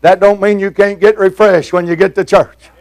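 An older male preacher with a very high, gravelly voice delivers a fiery sermon. He shouts in a rolling preaching cadence, folksy and plain-spoken, with "uh" fillers between phrases. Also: level tone, moderate pace.

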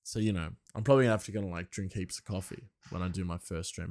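A man's voice: low-pitched, steady tone, rapid-fire, hardly any pauses, darkish tone, no echo. Young man, rambling solo podcast chat, dry close sound, laughs often.

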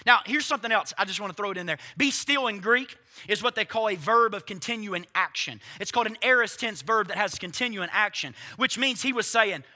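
High, bright-voiced preaching man. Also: a little fast, few pauses. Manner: swings from quiet asides to loud shouted quotes; conversational, addresses congregation directly. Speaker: pastor. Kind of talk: sermon. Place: church.

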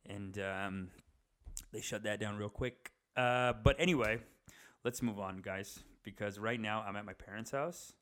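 A man's voice: lowish voice, measured pace, a bit bright. A young man talking to the camera in a rambling, casual monologue, swearing and chatting with many fillers and restarts. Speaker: vlogger. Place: indoors at his parents' house.

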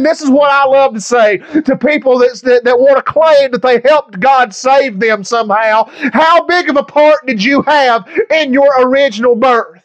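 A male pastor preaching a sermon to a church congregation, impassioned and rising to shouts. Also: very high voice, moderate pace, few pauses. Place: church sanctuary.

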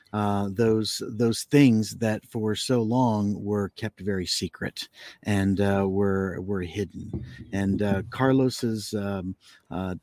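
Halting low-voiced man, dry sound. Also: dry recording. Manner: halting, many fillers. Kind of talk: reflective podcast chat.

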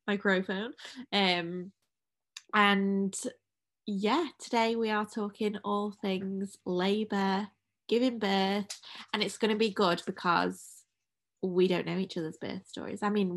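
A woman co-hosting a casual podcast from home, chatting in a rambling way and laughing often. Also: mid-range voice. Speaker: podcast co-host. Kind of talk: casual chat.

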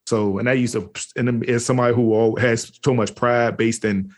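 A man's voice: mid-range voice, fairly even intonation, brisk. A man from the Washington, D.C. area, speaking candidly and slangily as an interview guest, with frequent restarts. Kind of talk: candid personal storytelling.

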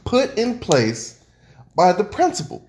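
A man co-hosting a casual home podcast, arguing loudly and with lots of energy. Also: high voice, slow, echoey room. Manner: argumentative, loud and animated. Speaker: podcast co-host. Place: home room with noisy neighbors upstairs.

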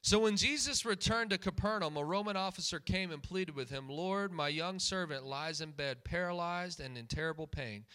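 A man's voice: a little high, normal speed, hardly any pauses, pushed and bright, clear, resonant tone. A man preaching a sermon, emphatic and repetitive, putting questions to his congregation. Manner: emphatic, repeats key phrases, asks the congregation questions.

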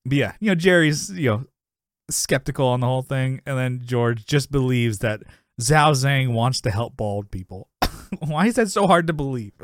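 A man's voice: medium pitch, expressive, moderate pace, dry recording, clean studio sound. A man co-hosting a podcast, recapping a sitcom episode in casual chat, rambling, laughing often and acting out quotes.

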